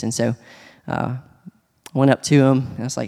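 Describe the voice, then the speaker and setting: A man sharing a personal testimony in church, speaking earnestly and haltingly, with many restarts. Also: medium pitch, fairly even intonation, creaky, darkish tone. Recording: long hall reverb.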